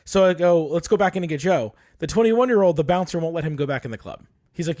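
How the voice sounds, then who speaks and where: A man co-hosting a podcast, telling a long story in a casual, animated way with plenty of swearing. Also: a little high, quick pace. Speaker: podcast co-host. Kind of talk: casual chat.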